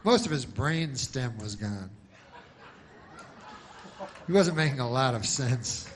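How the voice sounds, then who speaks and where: A man doing rambling stand-up comedy in a deadpan, meandering way. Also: medium pitch, slight background noise. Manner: deadpan, meandering, slow-burn.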